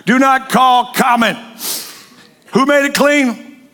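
A man's voice: very high-pitched, slow pace. A man preaching a sermon, telling stories with jokes and acted voices. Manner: joking, animated storytelling with acted voices. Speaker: pastor.

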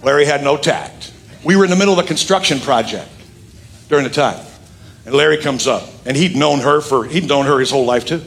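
A middle-aged pastor preaches a sermon in a church sanctuary before his congregation, talking fairly quickly over a little hiss or hum. He tells stories lively with big pitch swings and asides, jokes with the congregation, and calls on them to repeat lines.

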